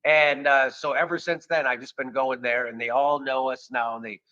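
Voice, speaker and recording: A man hosting a podcast, telling stories in a casual, animated and profane way, acting out the dialogue. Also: medium pitch, moderate pace, dull audio. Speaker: podcast host. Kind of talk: casual storytelling chat.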